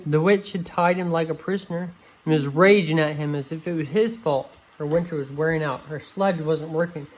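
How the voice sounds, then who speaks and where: A woman reading a picture book aloud to a child, gentle and expressive, with a few slips and restarts. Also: low-pitched, a little fast, low-quality recording. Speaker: reader.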